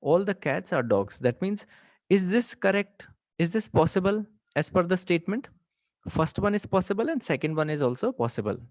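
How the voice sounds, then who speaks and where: A man teaches a live online class. His voice sits a little high and swings up and down. The sound is dry and slightly dull, like a webcast mic. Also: very animated, moderate pace, a little mellow, no room sound. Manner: asks the class frequent questions, repeats "okay" and "right". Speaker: online exam-prep teacher.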